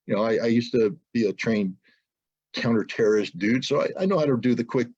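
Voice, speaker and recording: American man, husky and fired-up, muffled webinar call audio, pressing rhetorical questions. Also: medium pitch, brisk. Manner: forceful, indignant, rises to loud rhetorical questions. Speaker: webinar guest speaker. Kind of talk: impassioned webinar talk. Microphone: video call.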